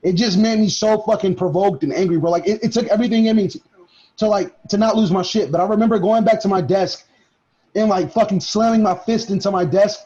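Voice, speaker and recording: Brief: young man, high voice, animated storyteller who swears a lot, dull lo-fi audio. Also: a little fast. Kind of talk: casual chat. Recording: dull lo-fi recording.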